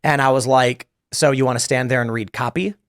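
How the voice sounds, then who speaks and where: A man's voice: mid-range voice, fairly even intonation, fairly quick. A man hosting a casual political panel discussion, talking in loose restarts and stumbles. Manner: talks in loose restarts, mimics newscasters. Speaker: podcast host.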